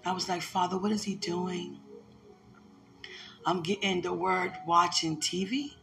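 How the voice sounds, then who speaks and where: Gravelly-voiced woman, emotional and repetitive. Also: fairly low pitch, steady tone, moderate pace, music in the background. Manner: emotional, repetitive, laughs often. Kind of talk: heartfelt spoken message, religious.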